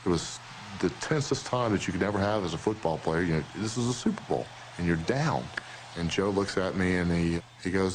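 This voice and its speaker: A former football player with a fairly low voice tells a lively locker-room story and acts out every line. The clip is archival, with faint noise under it. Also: male voice, fairly quick, low-quality recording. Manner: animated storyteller, acts out dialogue. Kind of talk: telling a story in an interview clip.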